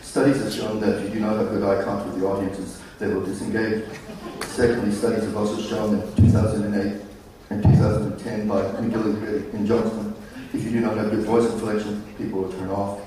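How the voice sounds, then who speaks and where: A stiff, monotone presenter drones through formal points in a low, subdued voice, as a speaker puts him on. The sound is echoey, coming from far off in a large hall. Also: male voice, fairly quick, crowd noise, close to an everyday voice. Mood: droning. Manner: flat, formal, droning recital. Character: stiff, dull male conference presenter, monotone.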